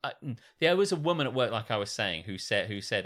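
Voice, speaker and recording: A man's voice: fairly low pitch, very animated, brisk, a bit bright. A British man co-hosting a comedy podcast, chatting casually, swearing freely and acting out other people in shifting voices. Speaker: podcast co-host.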